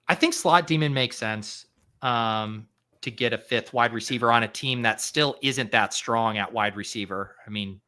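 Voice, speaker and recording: Bright-voiced podcast host, offhand and swearing. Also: male voice, mid-range voice, moderate pace. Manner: loose and self-mocking, swears offhandedly. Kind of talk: casual fantasy football draft chat.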